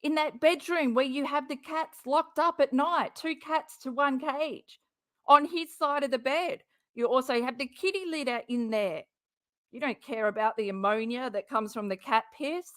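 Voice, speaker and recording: A woman's voice: high-pitched, normal speed, fairly bright tone. A woman hosting a reaction channel, commenting on a clip in a sarcastic, profane, mocking way.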